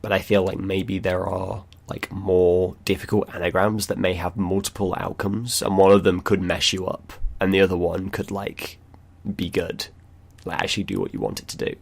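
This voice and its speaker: A man's voice: deep voice, normal speed, gravelly, husky. A man hosting a casual gaming discussion, rambling loosely with lots of fillers and small chuckles. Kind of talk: casual chat.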